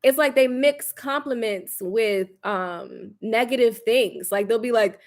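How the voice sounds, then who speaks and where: A young woman in casual livestream chat, candid and animated, laughing often and swearing casually. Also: a little high, a little slow, hardly any pauses. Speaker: spiritual lifestyle creator.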